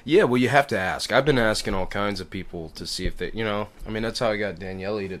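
A man's voice: fairly low pitch, fast, fairly bright tone. A young adult man hosting a podcast in casual chat, rambling and laid-back, swearing now and then. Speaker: podcast host.

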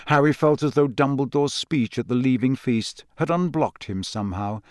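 A man reading a novel aloud as narrator, in a measured, even storytelling way, close to the mic. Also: medium pitch, no echo. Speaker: audiobook narrator. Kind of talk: scripted narration.

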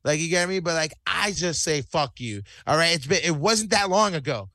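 Bright, heated man ranting. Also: on the high side, expressive, normal speed, dry recording, clean studio sound. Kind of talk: casual wrestling recap chat.

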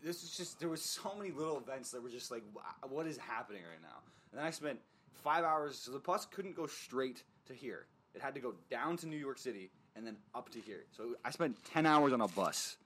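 A young man spinning a long, animated story in a relaxed podcast chat. He swears freely and fills his talk with "like" and restarts. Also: mid-range voice, a little fast, slight background noise. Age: young adult. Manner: animated, profane storytelling with lots of fillers. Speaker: podcast co-host.

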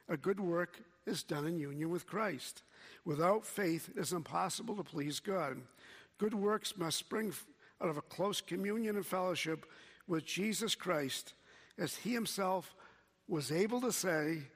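A man preaching a sermon as pastor, slow and measured, quoting scripture. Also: high-pitched, gravelly, in a large hall.

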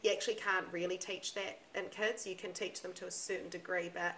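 Young woman chatting on a podcast, low-ish voice, blunt and sweary, bit of background hum. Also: little pitch movement, fairly quick, fairly bright tone, low-quality recording. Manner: candid, swears freely, emphatic. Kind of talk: casual chat.

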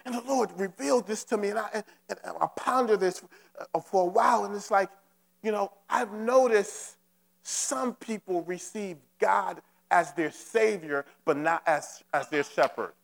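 A man's voice: high-pitched, measured pace, creaky. A man preaching a sermon at a church service, urging the congregation on with fervent, repetitive calls. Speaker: pastor. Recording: long hall reverb.

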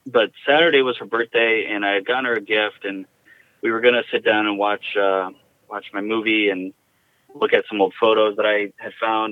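A man recounting a personal story in a halting, reflective way, heard over a tinny phone line. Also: lowish voice, dry recording. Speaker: guest.

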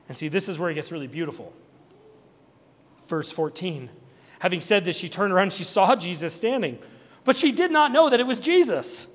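A male pastor giving an Easter sermon in a conversational, animated way, with asides and small jokes. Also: sits high, in a large hall.

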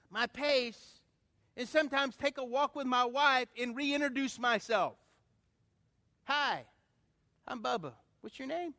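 High-voiced animated male pastor. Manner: animated, calls for congregation responses. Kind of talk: sermon with anecdote.

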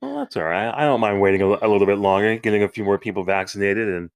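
A man's voice: lowish voice, lively intonation, fast talker, no room sound. A man co-hosting a podcast in casual chat, easygoing, laughing often and giving short agreeing replies. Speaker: podcast co-host.

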